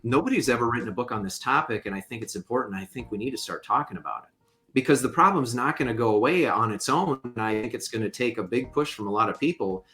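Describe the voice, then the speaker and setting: A fair lending consultant appears as a guest in a podcast interview, speaking with a mid-pitched, emphatic voice. He's an expressive, fast talker who explains his points with conversational force and the odd joking aside, while soft music plays faintly beneath him.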